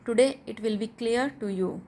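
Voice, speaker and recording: A young woman teaching English pronunciation, slowly and deliberately explaining a rule and repeating the example words. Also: fairly high pitch, dark tone.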